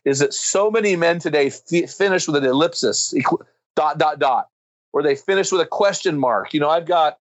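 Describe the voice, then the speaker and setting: A guest speaker on a men's ministry, a man with a fairly high voice, tells stories in an impassioned preaching style, hammering his points with emphasis that rises to fervent climaxes. He speaks at normal speed. The audio is poor, close and dry, with no room around it.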